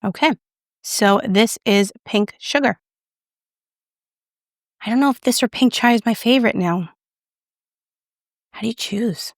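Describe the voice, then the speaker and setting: A woman's voice: fairly high pitch, unhurried, long pauses, dry recording, clean studio sound. A young woman casually reviewing makeup, chatty and self-deprecating as she applies it on camera. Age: young adult. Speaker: beauty YouTuber.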